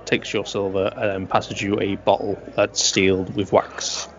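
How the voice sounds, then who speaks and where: A man running a tabletop game as dungeon master, narrating in a halting way with many pauses and fillers. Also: on the low side, flat delivery. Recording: dull lo-fi recording.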